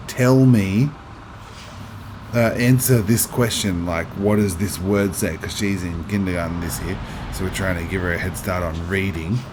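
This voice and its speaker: Streaming a driving game, a man in his thirties chats casually, reading messages from his chat aloud and replying to them. His voice is low-pitched, with a noisy background behind him.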